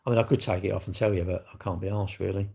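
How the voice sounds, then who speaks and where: A man's voice: low-pitched, fairly even intonation, very fast, creaky, dark tone, husky. An English man, middle-aged, hosting a casual live stream and bantering cheekily with his chat in a rambling, jokey way. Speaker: livestream host.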